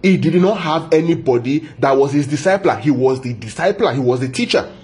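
A man preaching a Bible sermon, repeating phrases for emphasis, asking the listeners questions and stretching key words out slowly. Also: medium pitch, animated, darkish tone.

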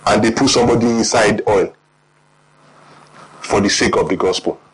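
A man with a Nigerian accent preaching a sermon, animated and often quizzing the congregation. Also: fairly low pitch, normal speed, low-quality recording.

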